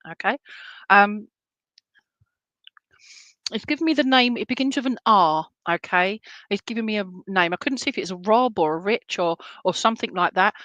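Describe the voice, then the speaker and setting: A woman's voice: medium pitch, no echo, lo-fi sound. Chatty woman medium, dry sound. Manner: chatty and reassuring, with soft whispered asides. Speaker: spiritualist medium. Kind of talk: live online clairvoyant reading.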